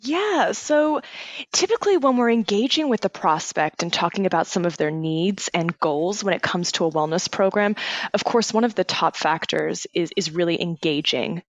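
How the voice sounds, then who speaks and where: A woman's voice: on the low side, animated, moderate pace, no echo. A woman from Australia with an American accent, a startup co-founder talking casually and upbeat as a podcast guest. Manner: chatty, upbeat, laughs easily. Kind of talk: casual interview.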